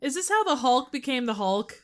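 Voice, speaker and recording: A woman guesting on a casual comedy podcast, firing off quick quips and laughing often. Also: sits high, big pitch swings, fairly bright tone.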